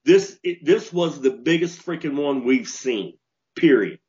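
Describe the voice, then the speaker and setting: Animated man telling a story, lo-fi. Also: on the high side, measured pace. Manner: animated storyteller, repeats and restarts when worked up. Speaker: podcast co-host. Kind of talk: casual storytelling chat. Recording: dull lo-fi podcast audio.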